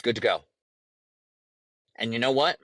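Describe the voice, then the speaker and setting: A man's voice: medium pitch, unhurried, a bit bright, no room sound. A man hosting a podcast, delivering a heated, profane monologue and lecturing his listeners. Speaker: podcast host.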